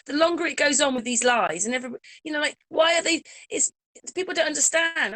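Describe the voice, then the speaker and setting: A woman chatting casually as a host, animated, acting out quotes as she goes. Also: high-pitched, fast talker, no echo. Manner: animated, acts out quoted voices. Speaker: channel host. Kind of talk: casual conversation.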